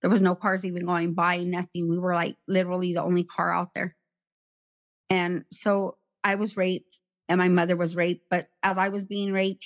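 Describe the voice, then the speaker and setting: A middle-aged woman recounting a personal ordeal in an interview, talking plainly and haltingly and repeating herself. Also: lowish voice. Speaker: interview guest, survivor. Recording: slightly muffled recording.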